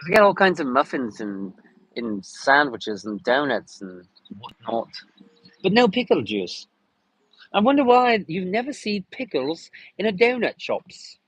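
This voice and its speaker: A man's voice: on the high side, sing-song, measured pace, fairly bright tone, husky, rough recording. A man chatting casually on a live stream, rambling and joking with lots of cursing. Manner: crude, rambling, jokey with frequent cursing.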